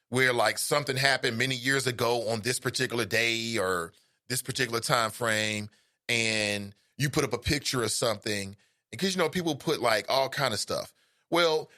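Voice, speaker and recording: Bright, chatty Cincinnati talk-show host. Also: male voice, medium pitch, dry recording, studio quality. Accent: Cincinnati, Ohio. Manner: conversational, rambling, playful asides to listeners. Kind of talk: casual call-in talk show chat.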